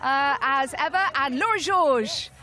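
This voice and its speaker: A woman's voice: sits high, a little slow, crowd noise, noisy background. A woman presenting a live sports broadcast in a chatty, teasing way, handing over to pundits. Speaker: studio presenter.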